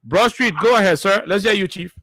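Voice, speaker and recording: High-voiced radio call-in host, man. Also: pushed and bright, no room sound. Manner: brisk, greets callers as brother. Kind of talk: call-in talk show hosting.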